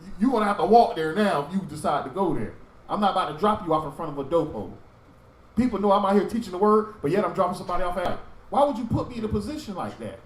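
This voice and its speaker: Lively, high-pitched man telling stories. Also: very fast, echoey room, far from the mic, poor audio. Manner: animated storytelling, acting out street talk. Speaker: teacher of a religious group. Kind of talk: sermon-style Bible teaching.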